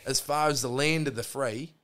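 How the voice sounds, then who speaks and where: A middle-aged man with a broad Australian accent telling a long, loose yarn as a podcast guest. He swears freely and keeps circling back with restarts and asides, in a voice of ordinary middle pitch. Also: normal speed, fairly bright tone. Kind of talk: casual storytelling yarn.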